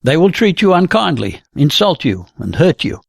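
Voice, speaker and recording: Brief: reader doing an older storybook man, husky and insistent, speech rising and falling widely. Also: fairly high pitch, very animated, moderate pace, no room sound, studio quality, exaggerated voice. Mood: pleading. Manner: earnest, insistent pleading. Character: aging man, pleading and protective.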